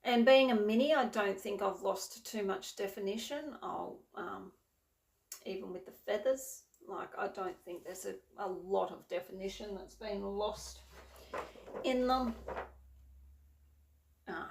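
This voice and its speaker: A woman with a mid-range, slightly dark voice chats casually about her cross-stitch projects, speaking slowly with vocal fry and long pauses. She rambles, corrects herself, and leans heavily on fillers in this show-and-tell style talk. The recording sounds roomy and distant.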